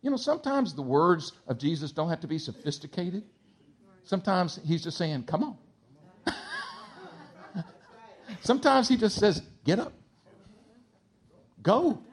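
A male pastor delivers a sermon with a slightly high voice. He swings from hushed, low passages to loud, excited bursts, and often stammers and restarts his phrases. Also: unhurried, long pauses, husky. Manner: animated preaching, swings from hushed to shouting.

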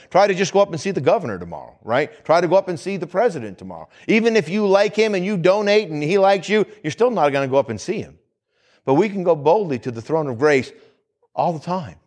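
A man's voice: a little high, big pitch swings, fast talker, a little mellow. A man, a pastor, giving a conversational sermon that repeats phrases and asks the congregation questions.

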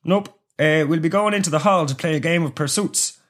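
Man doing an outdoor instructor, high-pitched, upbeat, sarcastic, smug. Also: fairly quick, natural voice. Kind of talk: comedic sketch character.

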